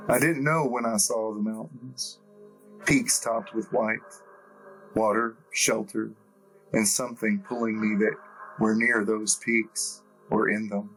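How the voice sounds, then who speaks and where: A man reading a first-person story as an audiobook narrator, in a measured, deliberate way. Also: on the low side, steady tone, fairly bright tone, soft background music, poor audio.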